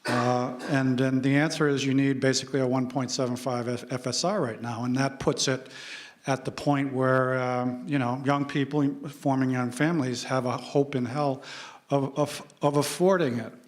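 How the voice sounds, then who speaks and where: A man's voice: medium pitch, fairly even intonation, normal speed. A man arguing his side in a live public debate in a hall, speaking with many restarts and a Canadian English accent. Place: lecture hall with audience.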